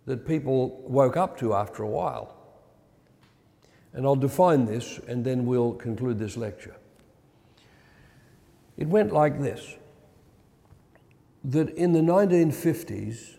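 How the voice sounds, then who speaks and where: Older male church teacher, warm and gravelly, measured lecture delivery, recorded in a reverberant hall. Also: mid-range voice. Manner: measured, reflective, with frequent uh and repeated words.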